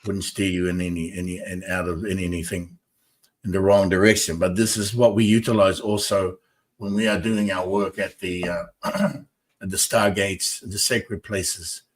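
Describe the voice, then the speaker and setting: A man's voice: low-pitched, fairly even intonation, normal speed. Emphatic man hosting a spiritual talk show. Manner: emphatic, repetitive, argues with viewers. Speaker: host.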